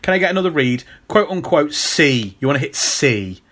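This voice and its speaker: A man's voice: fairly high pitch, big pitch swings, moderate pace, a bit bright. A man co-hosting a casual movie podcast, rambling through comic-book trivia and teasing his co-host with frequent restarts.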